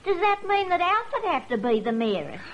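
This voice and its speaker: A woman's voice: extremely high pitch, big pitch swings, moderate pace, muffled recording. An actress playing a cheerful, ambitious country woman on the council in a vintage radio serial. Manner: eager, naive, chatty.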